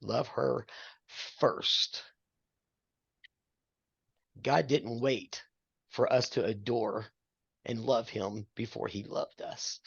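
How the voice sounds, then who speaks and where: A man's voice: mid-range voice, steady tone, very slow, gravelly, pauses often, husky, no room sound, muffled recording. An older man counseling a married couple, earnest and preacherly, quoting scripture with a self-deprecating streak. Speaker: marriage mentor.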